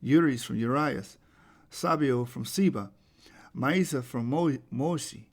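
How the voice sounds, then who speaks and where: A man presenting a lecture over slides, reading quotes aloud and restarting words as he goes, his delivery rising to forceful emphatic peaks. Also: mid-range voice, measured pace.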